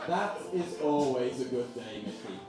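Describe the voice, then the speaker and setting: A man's voice: mid-range voice, expressive, a little slow, natural voice. A man reading as a pompous, mock-formal boss. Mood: deadpan. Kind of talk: voiceover in a live stage sketch. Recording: echoey theatre from far off, music behind.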